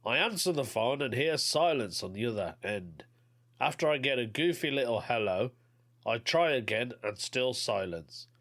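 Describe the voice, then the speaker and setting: A man's voice: medium pitch, animated, moderate pace, fairly bright tone. A man hosting a podcast, reading out a listener's story and chatting about it in an offhand way. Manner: chatty, offhand, says mate. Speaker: podcast host.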